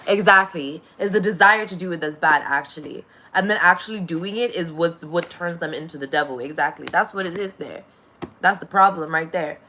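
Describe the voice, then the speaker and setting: A woman's voice: lowish voice, brisk, sharp tone, slight background noise. A woman delivering a rambling, profane spiritual monologue, laughing often.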